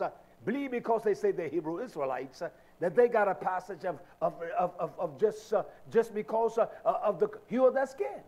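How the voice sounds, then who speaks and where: Impassioned high-voiced male preacher. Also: animated, a little fast, darkish tone. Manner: impassioned, emphatic, frequent filler sounds. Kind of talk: Sabbath sermon.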